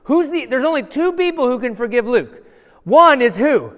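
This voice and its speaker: A male pastor telling a Bible story to children in a playful, animated way, asking the kids questions and acting out voices. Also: very high voice, normal speed. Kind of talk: lively children's sermon with audience participation. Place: large church hall. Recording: long church hall reverb.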